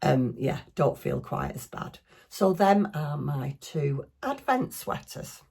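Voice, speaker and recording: Middle-aged Northern English woman, craft vlogger, low and husky, rambling self-deprecating chat. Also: big pitch swings, slow, mellow. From northwest England.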